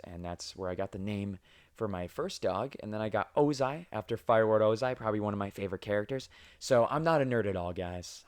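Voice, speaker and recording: A young man hosting a podcast, telling crude, self-mocking stories in casual chat and swearing freely. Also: lowish voice. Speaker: podcast host.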